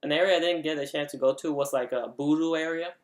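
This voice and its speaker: A man's voice: a little high, fast talker. A man giving a casual spoken review, chatty, with lots of "like" fillers and restarts. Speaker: vlogger reviewing an event. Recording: roomy echo.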